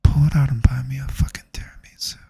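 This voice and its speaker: A man voicing a mock ASMR streamer in whispered role-play, teasing and breathy as he begs for donations. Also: mid-range voice, level tone, fast talker, mellow, no echo.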